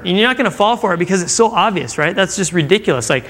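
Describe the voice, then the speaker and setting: A man's voice: a little high, very fast, hardly any pauses, fairly bright tone. A man preaching as a youth pastor, talking casually with his audience and acting out the quotes. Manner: conversational, acting out quotes, asks the crowd questions. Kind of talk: sermon to a live audience. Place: church room with audience.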